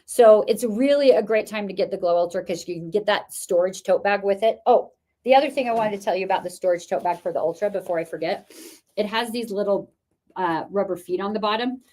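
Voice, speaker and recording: A woman's voice: mid-range voice, brisk, dark tone. Chatty woman hosting a live sale. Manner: chatty, enthusiastic sales talk with fillers. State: losing her voice. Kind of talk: product demo livestream.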